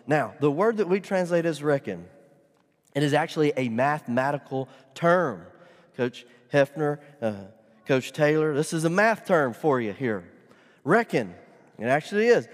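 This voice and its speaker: A man preaching a sermon, reading scripture aloud and pressing his points with emphatic bursts and humorous asides. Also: on the high side. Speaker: pastor. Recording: long hall reverb.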